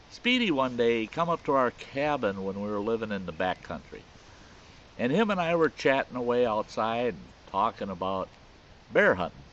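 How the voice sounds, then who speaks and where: Man storyteller, folksy and lively in pitch, slightly muffled with faint hiss. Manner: folksy, rambling, with restarts and chuckles. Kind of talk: casual spoken storytelling.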